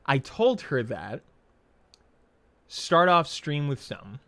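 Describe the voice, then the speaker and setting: A man's voice: on the high side, big pitch swings, slow pace, a bit bright, no echo. A young man streaming a game, chatting casually in a rambling, profane way full of "like" fillers. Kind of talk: casual chat while setting up a game stream.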